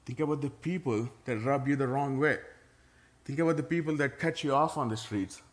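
A man's voice: mid-range voice, brisk. A middle-aged man, a pastor preaching a sermon to his church in a conversational way, with touches of playful sarcasm.

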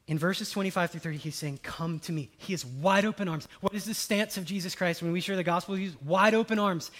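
Male preacher, higher-pitched, lively sermon delivery with big swings in volume. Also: brisk. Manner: animated, swings from loud exclamations to hushed quotes.

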